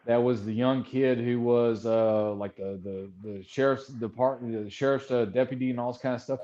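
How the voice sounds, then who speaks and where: Texan male panelist, rambling explainer, warm tone, muffled call sound. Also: mid-range voice, steady tone, normal speed. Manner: rambling, explains at length with many restarts. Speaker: panel guest. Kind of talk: casual livestream chat.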